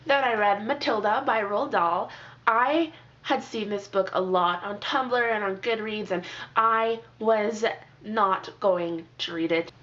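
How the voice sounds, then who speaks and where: A woman's voice: medium pitch, slow. A young woman chatting through a review of the books she has read lately, acting out her reactions and leaning on "like" a lot. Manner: chatty, animated, lots of "like" and quoted reactions. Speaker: book reviewer. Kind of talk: casual book review monologue. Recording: slightly dull lo-fi audio.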